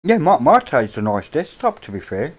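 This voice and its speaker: A middle-aged man with an English accent, hosting a casual livestream chat from a home, rambling and offhand with casual swearing, on a boom-mounted mic. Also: very animated, moderate pace, slightly rough. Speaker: livestream host. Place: indoors at a home. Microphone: boom-mounted microphone.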